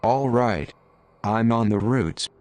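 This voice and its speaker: A man's voice: mid-range voice, takes it slowly, a little mellow, lightly acted. A man voicing a stubborn boy leader. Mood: commanding. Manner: blunt, commanding.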